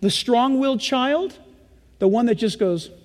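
High-voiced man preaching in a hall. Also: a little slow, background noise. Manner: animated preaching, acts out kids and parents. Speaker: pastor. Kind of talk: sermon.

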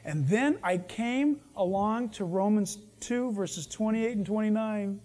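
A man's voice: high-pitched, measured pace, a little mellow. A man preaching a sermon in a conversational, jokey way, acting out dialogue as he teaches.

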